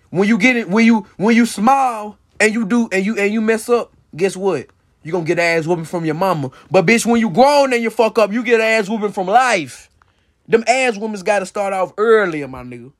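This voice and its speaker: A young man with a high voice holds forth on his own podcast. He talks bluntly, heated and insistent, swearing freely and tossing in "bro" and "you feel me" to drive each point home. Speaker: podcast host. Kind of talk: casual solo podcast rant.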